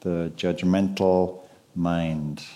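Man, dharma talk, warm dark tone, conversational, unhurried. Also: deep voice, steady tone. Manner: conversational, asks the audience questions. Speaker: meditation teacher. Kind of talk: live dharma talk to an audience.

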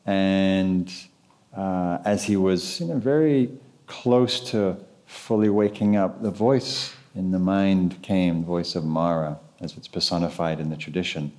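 Meditation teacher, male, low mellow voice, relaxed, questioning the room. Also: unhurried. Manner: conversational, asks the audience questions. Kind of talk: live dharma talk to an audience.

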